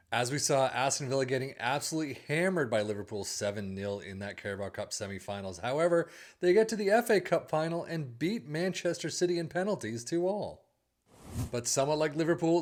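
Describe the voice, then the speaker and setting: A man hosting a casual game review channel, chatty and upbeat as he reads through results and stats. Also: mid-range voice. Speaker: video game channel host.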